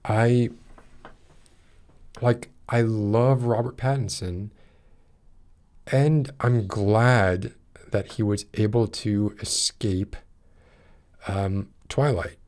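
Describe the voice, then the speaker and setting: A man's voice: on the low side, fairly even intonation, extremely slow, long pauses, a little mellow. A man hosting a podcast, chatting casually and rambling, with many restarts and fillers as he reads live chat comments aloud. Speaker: podcast host.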